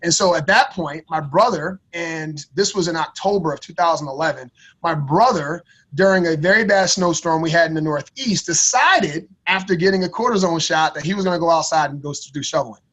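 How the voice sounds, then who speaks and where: High-voiced man telling a lively story. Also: a little fast. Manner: animated, slangy, repeats words. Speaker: podcast guest. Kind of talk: casual storytelling.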